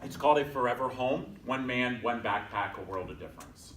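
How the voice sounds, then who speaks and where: A man's voice: medium pitch, fairly quick, a bit bright. A man tells his story to a class in a chatty, self-deprecating way, and he acts out the people he quotes. He sounds distant, as if picked up from across an echoey room. A faint hum of room noise sits underneath. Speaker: guest speaker. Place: conference room at a bank, from a distance.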